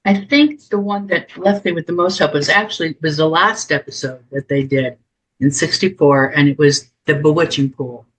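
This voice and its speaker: A man on a convention panel, describing things in a measured, even way. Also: a little high, slightly rough, low-quality recording.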